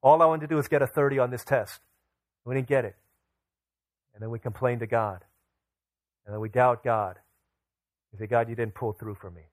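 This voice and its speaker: A man's voice: medium pitch, steady tone, normal speed, pauses often, no room sound. A young man pastor preaching a sermon, telling a family story and acting out his children's voices.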